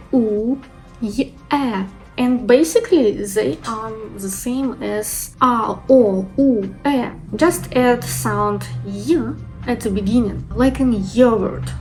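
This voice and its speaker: A woman teaching pronunciation, sounding out syllables slowly and carefully. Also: on the high side, gravelly, rough recording. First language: Russian. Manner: slow, careful demonstration of sounds. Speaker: Russian language teacher. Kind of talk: pronunciation lesson.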